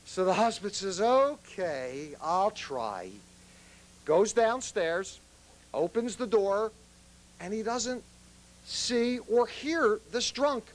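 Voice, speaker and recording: A man's voice: sits high, slow. An earnest man giving a public speech as a guest speaker, telling a story to make his point.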